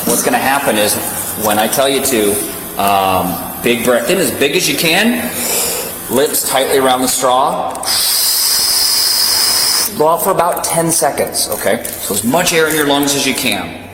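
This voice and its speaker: A male police officer calmly walking someone through a breath test in a station room, patient and reassuring. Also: medium pitch, unhurried, long pauses. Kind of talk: calm instructions during a breath test. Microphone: body camera. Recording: echoey room with loud ambient noise.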